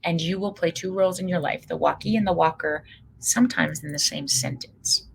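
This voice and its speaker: A middle-aged woman giving an energetic motivational talk, telling stories and acting out quotes loudly. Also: fairly low pitch, a little fast, vocal fry, a little hiss or hum, low-quality recording. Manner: animated storyteller, acts out quotes loudly. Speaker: speaker leading a workshop.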